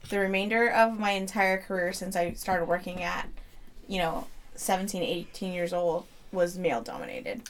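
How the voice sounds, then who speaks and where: A woman in her thirties talks casually as a podcast co-host. She is blunt and swears freely, and she acts out the people in her stories with lively put-on voices. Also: medium pitch, slight background noise. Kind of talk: casual chat.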